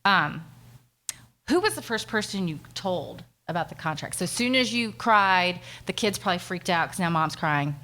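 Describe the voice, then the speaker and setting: A middle-aged woman, hosting and interviewing an author at a bookstore event in a chatty, excitable way. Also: lowish voice. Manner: chatty, excitable, quick to jump in. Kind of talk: casual onstage conversation. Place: bookstore event before an audience.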